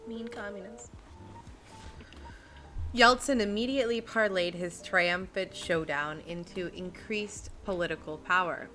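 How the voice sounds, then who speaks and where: A woman's voice: on the low side, pushed and bright. A woman streamer reading a book aloud and stopping to chat and joke with her live viewers.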